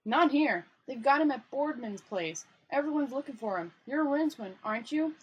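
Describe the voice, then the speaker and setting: A woman's voice: sits high, animated, moderate pace, slightly rough, highs cut off. A woman voicing a terrified male city guard in a storybook reading, pleading frantically. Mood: frightened.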